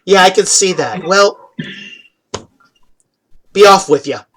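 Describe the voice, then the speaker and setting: A woman's voice: on the low side, expressive, takes it slowly, a crowd in the background. Game master doing a breezy ship captain woman. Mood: cheerful. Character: friendly female ship captain.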